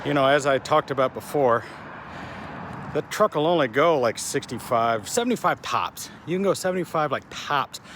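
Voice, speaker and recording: A man's voice: on the high side, animated, moderate pace, fairly bright tone. A man from Texas with a Southern Texan accent, vlogging in a casual, rambling, blunt way and swearing freely. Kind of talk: casual travel vlog. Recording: outdoor traffic noise behind.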